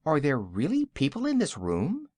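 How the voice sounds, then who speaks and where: A man voicing a sober, courteous old wizard in a storybook reading, a bit lower than his narration. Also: wildly swooping pitch, normal speed, darkish tone, slightly rough, dry recording, full character voice. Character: sober, polite elderly male wizard.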